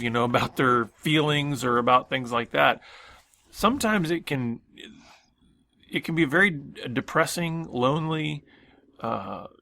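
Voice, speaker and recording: A man's voice: mid-range voice, creaky, sharp tone. A man co-hosting a faith radio show, speaking earnestly and thoughtfully. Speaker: radio co-host.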